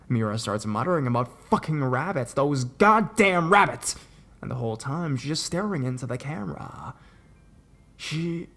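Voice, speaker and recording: A young man narrating scary stories in a steady reading voice that rises at the shocking parts. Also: medium pitch, vocal fry. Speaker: horror story narrator. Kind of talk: scripted horror story narration.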